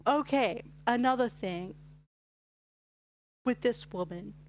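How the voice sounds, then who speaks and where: A woman's voice: a little high, takes it slowly, lo-fi sound, a little hiss or hum. An Australian woman streaming a game, chatty and giggly, with lots of "like". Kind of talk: casual gameplay chat.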